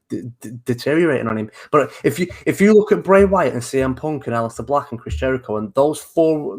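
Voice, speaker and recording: Animated man ranting about wrestling. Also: medium pitch. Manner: animated, swearing, rambling with many restarts. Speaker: co-host of a wrestling talk show. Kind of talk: casual chat.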